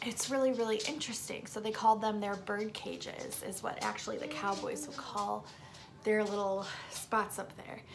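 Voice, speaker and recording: A woman vlogger with a sore throat, telling a story to her viewers in an emphatic, casual way and sometimes dropping into a hushed whisper. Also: mid-range voice, steady tone, normal speed, gravelly, over music.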